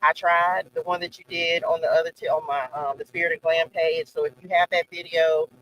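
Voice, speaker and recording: A man hosting a faith-based live stream who speaks warmly and effusively, repeating his words as he thanks his guest. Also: on the high side, flat delivery, fairly quick, highs cut off. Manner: effusive and affectionate, repeats himself. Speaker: host.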